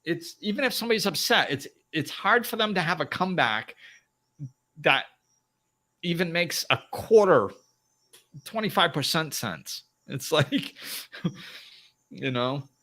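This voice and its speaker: Middle-aged guy doing a live self-help talk, voice jumps all over the place, bright and forceful, keeps acting out little arguments. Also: fairly high pitch, a little slow, long pauses. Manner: animated, acts out arguments in raised voices, laughs often. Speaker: host.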